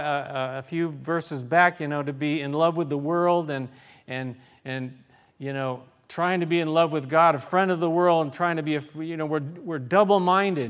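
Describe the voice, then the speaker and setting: A man preaches a sermon in an earnest way, reading scripture aloud and often stopping to restart a phrase. His voice sits a little high for a man. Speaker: pastor.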